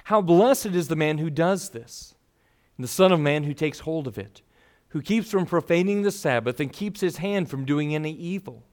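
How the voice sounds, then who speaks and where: Expressive preacher, a man with a raised voice. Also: on the high side, normal speed. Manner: expressive, voices the people in the story. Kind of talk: sermon.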